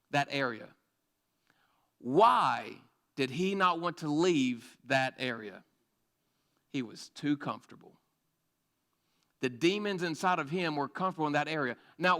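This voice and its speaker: High, bright-voiced young preacher. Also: male voice. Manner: energetic, conversational, jokey asides and acted-out quotes. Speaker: youth pastor. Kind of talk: sermon.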